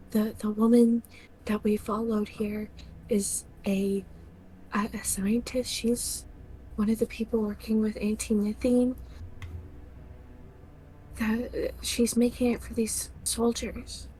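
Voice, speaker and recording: A woman's voice: fairly high pitch, level tone, slow pace, long pauses, warm tone, a little hiss or hum, low-quality recording. A woman playing a tabletop game, speaking casually with hesitations. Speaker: player.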